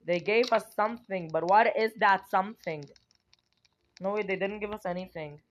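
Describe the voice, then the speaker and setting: A young adult streamer giving excited gameplay commentary, giggling, squealing and talking dramatically to themselves. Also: mid-range voice, normal speed, slight background noise.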